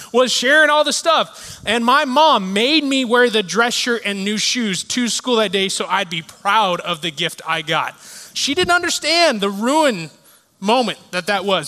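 A man in his thirties preaching a sermon, telling stories with animated energy and then dropping into quiet reflection. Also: high voice. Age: 30s. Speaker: pastor. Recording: reverberant hall sound.

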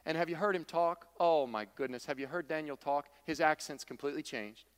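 A man's voice: on the high side, a little fast, clean tone, long reverb tail. A man preaching a sermon, emphatic and repetitive, with folksy humor. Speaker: pastor.

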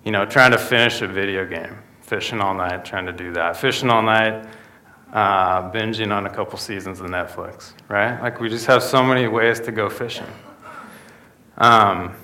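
A man's voice: on the low side, steady tone, moderate pace, sharp tone. A young man preaching a sermon in a conversational way, often tossing in rhetorical asides to the listeners. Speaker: pastor.

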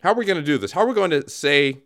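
A man hosting a comedic radio show, explaining things in a mock-solemn, deadpan way. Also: fairly high pitch, very fast.

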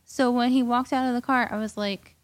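A woman tells a comic story as a podcast guest, swearing a lot and sounding indignant. Her voice sits a little high. The sound is close and dry, with no room echo. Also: brisk. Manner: profane, animated and indignant. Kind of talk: comedic storytelling rant.

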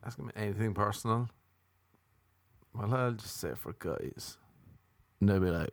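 A man's voice: lowish voice, measured pace, vocal fry, pauses often, no echo, studio quality. Rambling Irish man doing stand-up. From Ireland. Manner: rambling, repetitive, sardonic asides. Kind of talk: stand-up comedy monologue.

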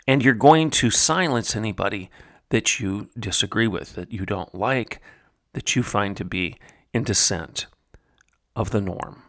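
Emphatic preacherly commentary host. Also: male voice, fairly high pitch, creaky, fairly bright tone. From Oklahoma. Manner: emphatic, preacherly, repeats phrases for stress. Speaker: podcast host. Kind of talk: commentary monologue.

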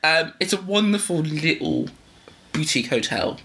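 A man's voice: fairly high pitch, very animated, moderate pace, fairly bright tone. A man co-hosting a podcast, talking in rambling, self-interrupting casual chat. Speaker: podcast co-host.

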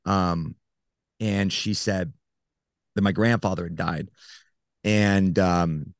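A man who is a podcast guest, telling a personal story in an earnest, halting way with many fillers. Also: sits low, steady tone, no room sound, studio quality.

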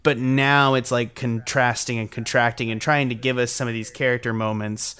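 A man co-hosting a podcast, talking in an animated, opinionated way in casual chat. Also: medium pitch, normal speed, clear, resonant tone. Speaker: podcast co-host.

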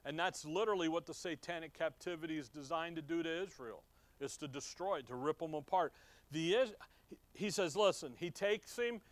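A middle-aged preacher with a brisk, somewhat high voice teaches from the Bible in a conversational style. He reads verses aloud and puts questions to his listeners. The recording is dry.

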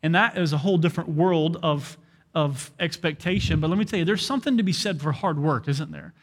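A young adult man preaching a sermon as a pastor, telling an animated story and acting out quoted dialogue. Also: on the high side, brisk, slightly rough, in a large hall.

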